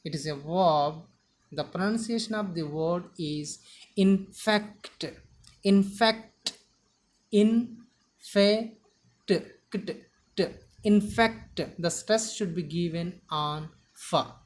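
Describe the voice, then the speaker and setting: Lady teacher going over words real slow, saying each one twice, lowish voice. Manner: repeats words slowly, stressing syllables. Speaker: English teacher. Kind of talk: slow vocabulary lesson.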